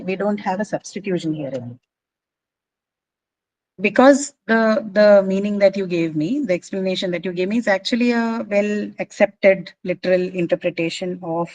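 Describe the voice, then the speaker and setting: Low-voiced woman teaching a class. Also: normal speed, darkish tone, no room sound, rough recording. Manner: explanatory, patient, checks understanding with "right?". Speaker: English literature teacher. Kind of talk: classroom lecture.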